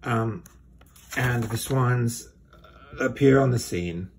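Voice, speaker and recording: A man's voice: mid-range voice, takes it slowly, background noise. A man hosting a comedy show, reading a children's book aloud with dry, sardonic asides.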